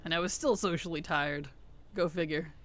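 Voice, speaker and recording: A woman's voice: low voice, moderate pace, a bit bright. A woman streaming a game, chatting casually with her viewers in a laid-back, rambling way. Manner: chatty, reads chat aloud and answers it. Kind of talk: casual live-stream chat.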